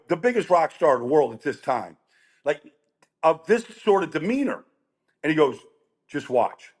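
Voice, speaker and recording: Middle-aged male guest, chatty and rambling, a touch high-voiced. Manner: animated, rambling with restarts and quoted voices. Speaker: guest storyteller. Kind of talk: casual storytelling chat.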